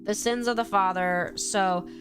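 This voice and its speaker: Woman on a live stream, stuffy from congestion, chatty and excitable, acts out bits of dialogue, soft music in the back. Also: medium pitch, unhurried. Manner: animated, gushing, acts out quoted lines. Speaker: streamer ranking episodes. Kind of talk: casual live-stream chat.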